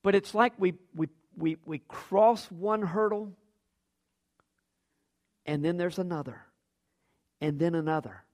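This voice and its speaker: A man's voice: sits high, a little slow, pauses often. A man preaching a sermon as pastor, acting out quoted lines with big jumps in his voice.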